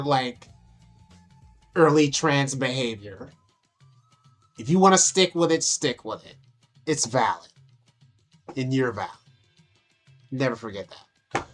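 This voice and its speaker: Talking through photos in a casual vlog, a brash, profane young woman keeps cracking herself up. She has a deep voice with a fairly bright tone.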